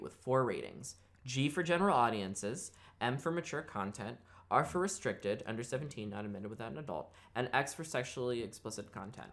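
A woman co-hosting a podcast, reading prepared history notes with loose, casual asides and swearing. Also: very deep voice. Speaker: podcast co-host.

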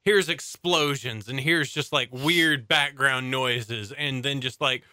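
Young male host, enthusiastic, crisp bright tone, dry close sound. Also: mid-range voice, takes it slowly, dry recording. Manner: enthusiastic, reads out facts. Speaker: podcast host. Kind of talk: casual chat.

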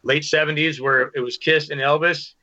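Bright-voiced man telling rambling stories. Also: fairly high pitch, steady tone, normal speed. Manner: rambling, restarts, lots of "you know". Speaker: musician guest. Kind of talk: casual storytelling interview. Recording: dull lo-fi sound.

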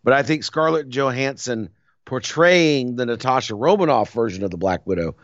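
A man's voice: medium pitch, moderate pace, dry recording. A man, co-hosting a casual movie chat and slipping into mock voices. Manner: animated, slips into mock voices and laughs. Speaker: podcast co-host. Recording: dry, slightly dull audio.

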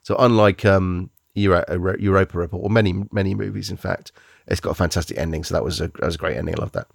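A man's voice: deep voice, fairly even intonation, quick pace, creaky, dry recording, studio quality. A man hosting a podcast, reviewing films in casual, rambling chat, often restarting and searching for words.

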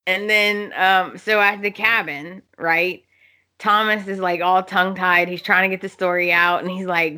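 A woman's voice: lowish voice, normal speed, bright, forceful tone, slight background noise. A woman co-hosting a podcast, animatedly recapping soap opera scenes, laughing often and acting out characters' lines. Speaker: podcast co-host.

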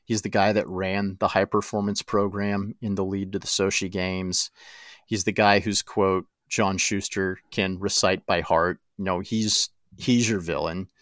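A man with a very low voice chats casually on a sports podcast, playful and speculative. The sound is dry and close, with no room around it. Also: flat delivery, a bit bright, no room sound. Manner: playful, speculative, quick to laugh. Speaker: podcast co-host. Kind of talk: casual chat.

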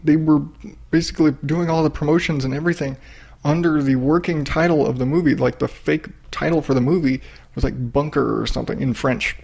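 A middle-aged man hosting a podcast, chatting casually in an excited, rambling way with heavy swearing. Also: fairly high pitch, creaky. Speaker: podcast host. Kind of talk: casual profane chat.

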